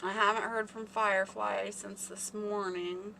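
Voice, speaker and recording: A woman's voice: mid-range voice, level tone, measured pace, vocal fry, bright, forceful tone, a little hiss or hum. A woman hosting a casual live stream, rambling and chatting with her viewers by name. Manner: chatty, rambling, talks to chat readers by name.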